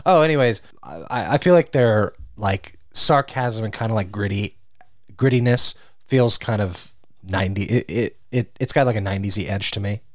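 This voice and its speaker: A man's voice: fairly low pitch, moderate pace, no echo, studio quality. A young man co-hosting a casual music podcast, rambling through his opinions with lots of "like" and "kind of". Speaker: podcast co-host. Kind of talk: casual music review chat.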